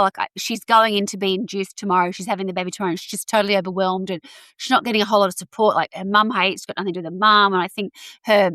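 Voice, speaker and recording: Woman, podcast host, casual true-crime storytelling, animated, dry recording. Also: mid-range voice, no echo. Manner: chatty, animated, many asides.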